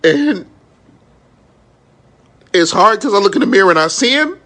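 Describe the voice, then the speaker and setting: High, bright-voiced man speaking frankly. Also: lively intonation, moderate pace. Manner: raw, frank and emotional, with profanity and many "you know what I'm saying". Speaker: minister and entrepreneur. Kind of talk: candid live-stream monologue.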